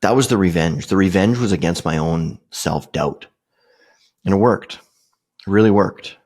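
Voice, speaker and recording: Gravelly low-voiced middle-aged man storytelling. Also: unhurried, a little mellow. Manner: rambling, loose delivery with many fillers and restarts. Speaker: podcast host. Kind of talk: casual personal storytelling.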